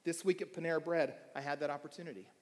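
Guy preaching a sermon in a church, tells stories, goes quiet then loud, big echoey hall. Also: a little high, fairly even intonation, fast talker. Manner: storytelling, shifting from quiet asides to shouting. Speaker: pastor. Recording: long hall reverb.

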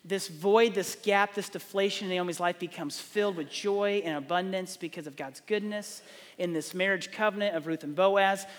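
A man's voice: sits high, moderate pace, in a large hall. A middle-aged man, preaching a sermon, telling stories and acting out the dialogue. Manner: animated storytelling, acts out dialogue. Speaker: pastor.

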